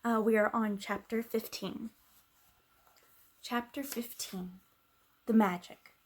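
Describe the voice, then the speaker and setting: Gentle woman reading a storybook aloud. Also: medium pitch. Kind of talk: reading a children's book aloud.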